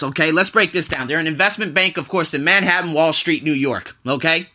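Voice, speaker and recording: A man's voice: a little high, fast talker, hardly any pauses, sharp tone. A man hosting his own podcast in a casual monologue, profane and wandering off on tangents. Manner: loose and profane, drifting off on tangents. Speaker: podcast host.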